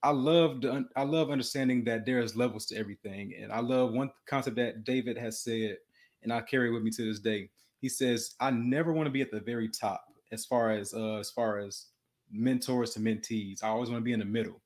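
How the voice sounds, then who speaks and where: A man's voice: medium pitch, a little fast, a little mellow. A young man telling a story in casual talk, earnest and often restarting and repeating words, and he says he has a stutter. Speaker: podcast guest.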